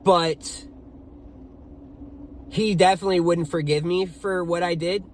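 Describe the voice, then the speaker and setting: Young guy, kinda high voice, slow and sweary, telling his story, little bit of noise behind. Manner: profane, emphatic, animated retelling. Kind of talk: casual storytelling to camera.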